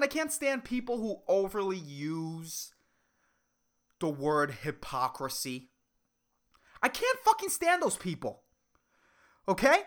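A woman hosting a solo podcast rant, rambling, swearing a lot and cutting herself off, over-caffeinated. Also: a little high. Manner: profane, rambling, excitable, self-interrupting. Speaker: podcast host.

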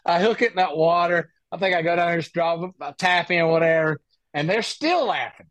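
A man who plays golf for a living, telling an animated, rambling story in a casual podcast interview on a close mic. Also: fairly high pitch, brisk, dry recording. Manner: animated, rambling anecdote with many restarts. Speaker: guest, professional golfer.

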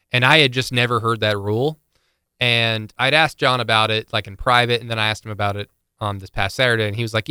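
A man's voice: mid-range voice, steady tone, a little fast, sharp tone, clear, resonant tone, dry recording, studio quality. A man co-hosting a podcast in casual sports chat, rambling with many fillers and restarts. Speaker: podcast co-host.

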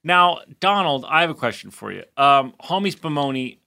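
A man co-hosting a casual podcast chat, teasing his friend and talking in halting, chatty bursts. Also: fairly high pitch, very animated, vocal fry, pushed and bright, clean tone. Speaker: podcast co-host.

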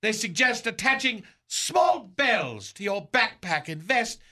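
A pompous aging movie star. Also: male voice, sits high, very animated, slow pace, pushed and bright, exaggerated voice. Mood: grandiose. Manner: grandiose, theatrical, old-fashioned diction. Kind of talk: comedy radio sketch.

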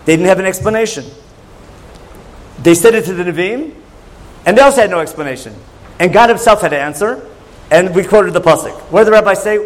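A man teaching a Torah class with a notably high voice. He talks conversationally, throwing questions back at his listeners as he goes. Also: rough recording. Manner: questioning, conversational, asks the audience.

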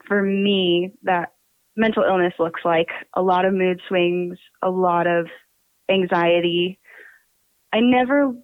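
A woman's voice: lowish voice, no room sound. A woman with a New Jersey accent, chatting casually as a podcast guest, laughing often and swearing freely. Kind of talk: casual interview chat. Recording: tinny phone line.

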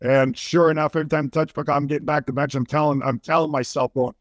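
An older man, a former hockey player, telling a story in an interview, animated and full of restarts. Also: a little high, quick pace, no room sound.

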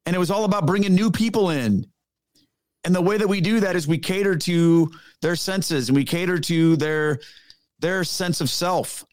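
A man's voice: fairly high pitch, dry recording, studio quality. A middle-aged man, a former pastor, speaking as a podcast guest and telling stories in an earnest, emphatic, casual way. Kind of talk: conversational storytelling.

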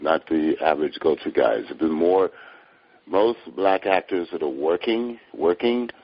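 A man's voice: low-pitched, lively intonation, vocal fry, no room sound. An older man, a guest actor, chatting casually in a podcast interview with a joking, storytelling manner. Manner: joking, storytelling, drawn-out delivery. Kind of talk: casual chat. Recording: dull lo-fi podcast audio.

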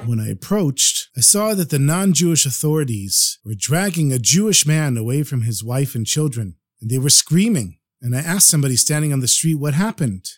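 A man telling a story on his podcast, animated and acting out each character. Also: medium pitch, moderate pace, hardly any pauses.

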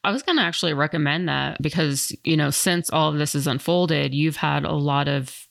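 Gravelly-voiced woman podcast host. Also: sits low, normal speed, no echo, studio quality. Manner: rambling, many fillers. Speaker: firearms instructor. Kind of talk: casual podcast chat.

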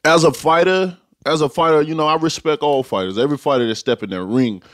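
A man's voice: fairly high pitch, quick pace, a bit bright, no room sound, studio quality. A man from Alabama, a boxing champion speaking emphatically in a podcast interview and repeating his key points. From Tuscaloosa, Alabama, US.

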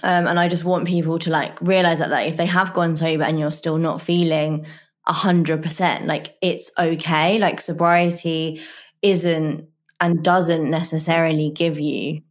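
A woman's voice: low voice, flat delivery, unhurried. A woman podcast host speaking earnestly and encouragingly in casual chat, with frequent "like" fillers.

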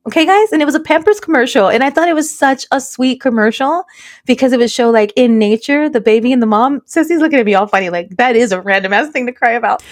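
A woman's voice: a little high, expressive, fast talker, dry recording, clean studio sound. A middle-aged woman hosting a casual chat over a video call, telling stories animatedly and mixing Spanish phrases into English. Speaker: podcast host.

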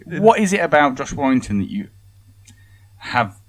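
A man hosting a casual podcast chat, asking relaxed questions with a joking manner. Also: medium pitch, normal speed. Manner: relaxed, asks questions, jokey. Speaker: podcast host.

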